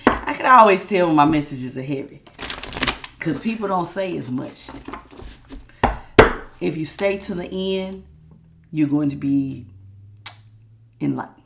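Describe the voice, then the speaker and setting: A woman's voice: sits low, animated, unhurried, vocal fry, pauses often, noisy background. A woman from the South, doing a chatty tarot reading while sick with a sore throat. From Southern United States. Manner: chatty, folksy, calls listeners y'all and baby. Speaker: tarot reader. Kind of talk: casual spiritual reading.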